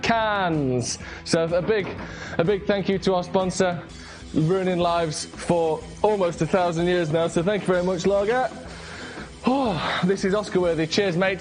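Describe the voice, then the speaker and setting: A young man hosting a jokey late-night show, full of sarcastic, deadpan asides. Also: high-pitched. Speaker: host. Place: small home studio.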